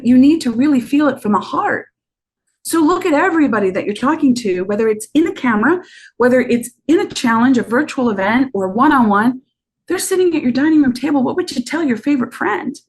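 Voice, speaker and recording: A woman business coach on a podcast, talking in a lively way and acting out bits of sales talk. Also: on the high side, husky. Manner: animated, acts out sales talk.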